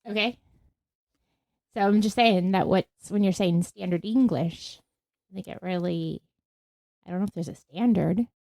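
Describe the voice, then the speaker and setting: A woman's voice: lowish voice, a little slow, gravelly, long pauses, darkish tone, dry recording. Woman, podcast co-host, casual chat, thinks aloud, laughs easily, dry.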